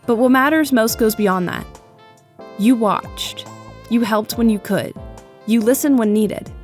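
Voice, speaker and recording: Young woman, higher pitch, sincere and thoughtful narration with a joking edge. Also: a little slow, soft background music. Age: young adult. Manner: earnest and reflective, with playful asides. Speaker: YouTube video essayist. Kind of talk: scripted narration.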